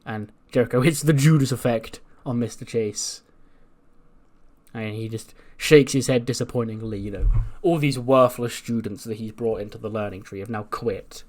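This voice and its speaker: A man talking through a wrestling management game in a casual, chatty way. He corrects himself as he goes, with a voice of middling pitch. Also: normal speed, darkish tone. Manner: chatty, laughing asides, self-correcting. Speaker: game channel host. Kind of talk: casual narration of a wrestling sim playthrough.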